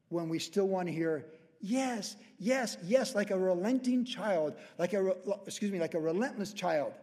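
High-voiced pastor teaching in a reverberant hall. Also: male voice, warm tone. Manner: conversational, acts out quoted voices. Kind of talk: verse-by-verse Bible teaching.

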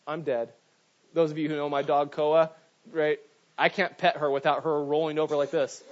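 Pastor, male, middle-aged, animated sermon delivery, slightly high voice, dull lo-fi recording. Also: normal speed. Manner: animated storytelling with frequent "right?" asides. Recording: dull lo-fi sound.

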